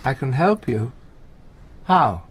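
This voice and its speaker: An actor playing a gentle, anxious older comedian in a radio play, talking in halting, stammering restarts. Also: male voice, mid-range voice, sing-song, a little hiss or hum. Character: aging male comedian, gentle, anxious, talkative. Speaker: visiting friend and comedy partner.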